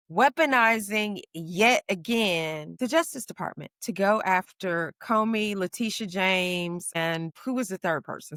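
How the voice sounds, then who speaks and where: A woman co-hosting a podcast, chatting casually and animatedly, leaping up into high exclaiming tones. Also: fairly bright tone, no echo, clean studio sound. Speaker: podcast co-host. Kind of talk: casual chat.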